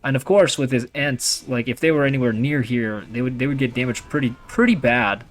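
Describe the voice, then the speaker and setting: Fairly quick and mid-range, a young man's voice narrates his strategy game as he plays. He chats loosely and rambles, often using fillers and starting over.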